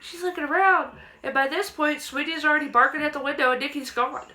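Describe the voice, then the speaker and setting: A woman's voice: high voice, steady tone, fast, sharp tone, low-quality recording. A young woman vlogger casually telling a personal ghost story to camera, acting out quotes in a raised childlike voice.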